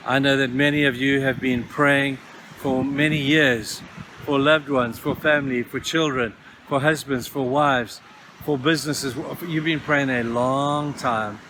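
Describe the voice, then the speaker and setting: A man's voice: medium pitch, fairly even intonation, measured pace, bright, forceful tone, a little hiss or hum. A man preaching a devotional talk outdoors at a beach, telling scripture stories and acting out their voices. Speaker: pastor.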